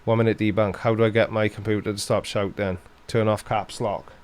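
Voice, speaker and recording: A Welsh man with a fairly low voice, chatting casually on a live stream. He answers viewers' questions one after another with a dry, sarcastic wit and laughs often. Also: level tone, a little fast, clear, resonant tone.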